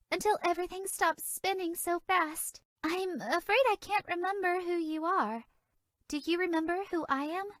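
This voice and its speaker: Game casting: a sweet, giggly female love fairy with a very high, bouncy voice, dramatic and scatterbrained. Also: pushed and bright, dry recording, full character voice. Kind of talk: video game voice acting.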